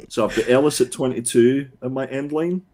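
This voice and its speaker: Relaxed man co-hosting. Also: medium pitch. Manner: relaxed, counts down auctions with quick banter. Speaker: co-host. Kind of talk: casual live chat.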